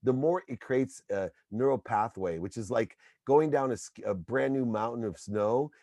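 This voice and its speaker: A middle-aged man, a podcast guest, talking in an energetic, motivational way and telling anecdotes. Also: mid-range voice, moderate pace, no echo. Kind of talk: casual interview talk.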